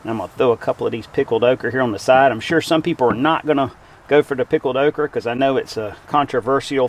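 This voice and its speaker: Out in the woods, a man with a mid-range voice hosts a casual camp cooking show, chatting with viewers in a folksy, friendly way.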